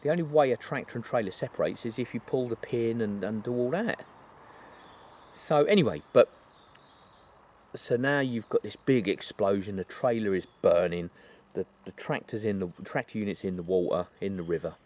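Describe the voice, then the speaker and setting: Low-voiced chatty man. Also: moderate pace, darkish tone, a little hiss or hum. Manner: rambling and chatty, with many fillers and asides. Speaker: film reviewer. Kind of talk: casual retelling of a film plot.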